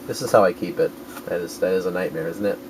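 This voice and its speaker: Lowish-voiced guy rambling about his game pickups, air con humming behind him. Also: fast talker, a little mellow, slight background noise, low-quality recording. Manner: rambling, self-correcting, crude jokes. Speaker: video game collector vlogger. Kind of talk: casual rambling vlog.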